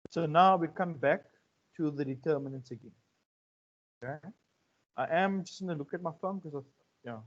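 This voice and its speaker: A man giving a relaxed economics lecture, often checking in with his students. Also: a little high, moderate pace, long pauses. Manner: conversational, checks in with 'right?' and 'okay?'. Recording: muffled lo-fi audio.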